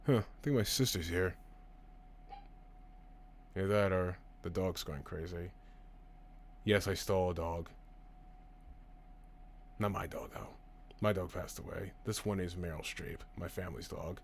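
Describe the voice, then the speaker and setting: A man's voice: sits low, a little slow, long pauses, slight background noise. A young man casually reading live chat comments on his stream, rambling and swearing as he rants. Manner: profane, rambling, animated ranting.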